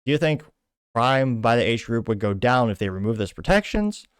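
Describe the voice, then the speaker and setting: A man's voice: medium pitch, very animated, moderate pace, clear, resonant tone, dry recording. Guy hosting a commentary show, reads tweets and snarks at them, dead dry mic. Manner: wry, quotes posts in a mocking tone. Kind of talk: reading and commenting on social media posts.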